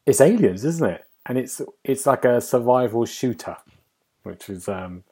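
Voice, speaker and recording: A man's voice: medium pitch, lively intonation, measured pace, dark tone, slightly rough. A man hosting a casual games podcast, talking in a wry, musing way that often trails off. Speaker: podcast host and game reviewer.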